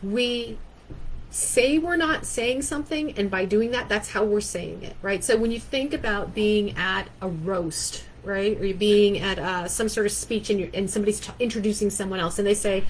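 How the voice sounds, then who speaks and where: A woman's voice: medium pitch, moderate pace, slight background noise, low-quality recording. A woman in her fifties, a workplace coach, talking conversationally and often checking in with "right?". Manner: conversational, keeps asking "right?". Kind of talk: talking-head coaching talk.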